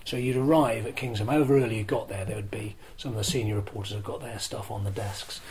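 An older man, a former broadcaster being interviewed, telling self-deprecating stories in a chatty, lively way. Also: on the low side, fast, slight background noise, low-quality recording. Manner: lively storyteller who acts out crowd shouts. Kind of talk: anecdotal interview storytelling.

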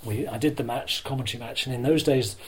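Older man telling lively anecdotes. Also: medium pitch, quick pace, poor audio. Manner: lively storyteller who acts out crowd shouts; self-deprecating and chatty, with restarts. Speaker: interview guest, former rugby broadcaster. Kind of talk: anecdotal interview storytelling.

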